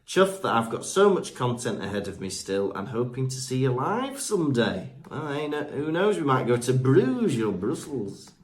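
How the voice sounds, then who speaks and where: Man reading listener reviews, lively pitch. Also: moderate pace, hardly any pauses. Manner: chatty, stumbles over names with fillers. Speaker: podcast co-host. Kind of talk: casual podcast chat, reading listener reviews. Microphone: remote podcast mic.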